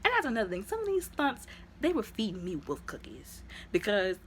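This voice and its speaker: A woman casually retelling a movie plot as a reviewer, in a chatty, rambling way full of "like" and "you know," her voice jumping up high when excited. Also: a little fast, a little hiss or hum. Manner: sudden jumps up into high exclaiming tones.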